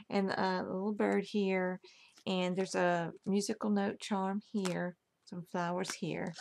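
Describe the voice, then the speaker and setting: A woman's voice: medium pitch, creaky. A woman casually showing off a handmade album she crafted, gushing over every detail. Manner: gushing, admiring each detail. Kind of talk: casual craft show-and-tell.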